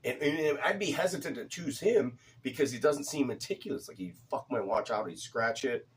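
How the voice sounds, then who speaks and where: A man's voice: mid-range voice, expressive, moderate pace, recorded from a distance, a little hiss or hum. A man chatting casually in a vlog, rambling, repeating words and swearing now and then. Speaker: cigar vlogger. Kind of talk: casual chat.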